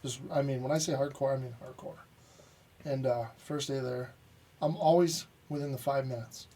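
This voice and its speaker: A man's voice: medium pitch, fairly even intonation, moderate pace, warm tone, far from the mic. A man telling a matter-of-fact story in a casual podcast chat.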